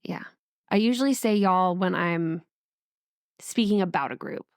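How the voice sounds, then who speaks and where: Gravelly-voiced woman podcast co-host. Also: lowish voice, a little slow, dry recording, studio quality. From Northern Virginia. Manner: chatty, laughs often. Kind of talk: casual chat.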